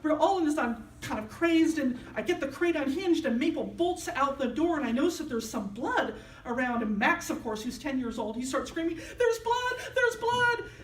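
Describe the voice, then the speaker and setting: Woman pastor telling a personal story in a sermon, highish voice, mic a bit far off in an echoey church. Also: moderate pace, hardly any pauses, a little hiss or hum. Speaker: minister. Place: church sanctuary. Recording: echoey hall, mic at a distance.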